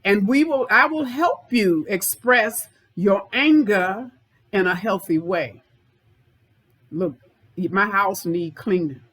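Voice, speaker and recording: A woman's voice: mid-range voice, takes it slowly, a bit bright, slightly rough, poor audio. A woman anger management therapist giving an informal self-help talk, speaking directly to viewers and repeating points for emphasis.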